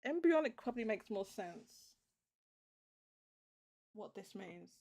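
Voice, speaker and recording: A woman hosting a casual livestream chat, thinking aloud with halting restarts as she works something out. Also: mid-range voice, very animated, a little mellow. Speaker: show host.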